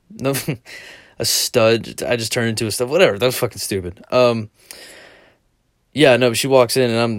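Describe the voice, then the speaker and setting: A man's voice: lowish voice, no room sound, clean studio sound. A young man telling crude, self-deprecating stories in a casual solo podcast, rambling and laughing. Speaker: solo podcaster and store clerk.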